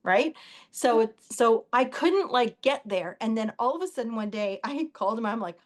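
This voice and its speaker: A woman guest on an interview show, telling stories in a chatty, animated way. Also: a little high, measured pace. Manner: animated, chatty, quotes others in dialogue. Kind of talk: casual interview storytelling.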